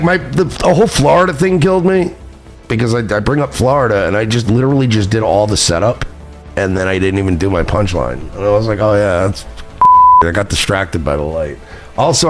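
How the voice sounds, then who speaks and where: A New York podcast host with a fairly low voice speaks fairly quickly over soft background music. Intoxicated, he tells a rambling, profane, self-mocking story in casual chat.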